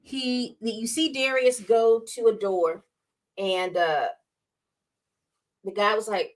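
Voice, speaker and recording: A woman's voice: medium pitch, unhurried. A woman casually recapping a TV episode, acting out the characters' lines as she tells it. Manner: animated storytelling, acts out quotes. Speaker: TV recap vlogger.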